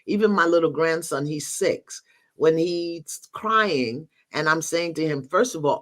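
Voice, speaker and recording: A woman's voice: sits low, a little slow, fairly bright tone. An older woman, a guest teacher in a spiritual conversation, telling stories expressively, acting out bits of dialogue and laughing often.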